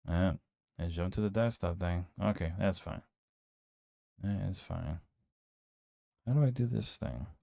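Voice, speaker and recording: A man's voice: low-pitched, a little slow, creaky, pauses often, dark tone, no room sound, studio quality. A young man streaming a horror game, chatting to himself and his viewers in a casual, rambling way with a sore throat. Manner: chatty, self-talking, many fillers. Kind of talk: casual live-stream commentary.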